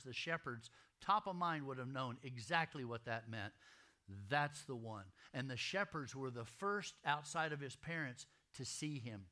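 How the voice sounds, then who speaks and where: Bright-voiced preacher. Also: male voice, medium pitch. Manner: folksy, conversational preaching, addresses congregation directly. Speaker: pastor. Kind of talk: sermon.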